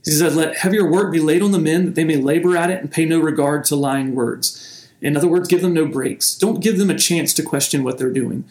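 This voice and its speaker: A man's voice: a little high, brisk, a little mellow, roomy sound. A man preaching a sermon in a conversational teaching manner, often restarting his phrases. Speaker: pastor.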